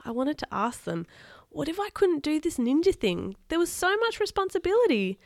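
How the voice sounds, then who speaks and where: A woman reading a storybook aloud, voicing a nervous but eager young boy hero in a raised, excited voice. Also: high-pitched, normal speed, dry recording, studio quality, pitched above the performer's own voice. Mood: anxious.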